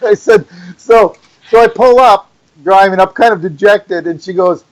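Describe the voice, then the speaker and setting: Middle-aged Wisconsin man, high-pitched co-host, animated rambling storyteller. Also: moderate pace, noisy background. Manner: rambling, animated, acts out voices in his story. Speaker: podcast co-host. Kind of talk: casual ranting chat.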